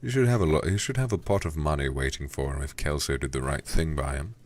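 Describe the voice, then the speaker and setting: A man voicing a gruff, gossipy old English lord in a whispered role-play reading. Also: rumbling low, fast talker. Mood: grumbling. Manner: blustering, gossipy and complaining. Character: gruff, grumbling old English lord, a young man's uncle.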